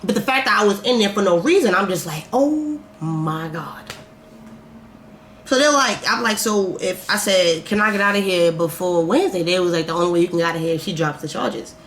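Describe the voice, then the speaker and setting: A young woman vlogger telling a casual storytime, animated and swearing as she acts out her own reactions. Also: lowish voice, fast talker, few pauses. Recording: echoey room, faint noise.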